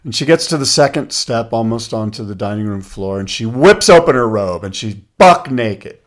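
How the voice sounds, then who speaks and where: A man co-hosting a casual podcast, telling stories and jokes in an animated way. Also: on the low side, normal speed. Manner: animated storyteller, rattles off lists. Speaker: podcast co-host. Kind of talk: casual chat.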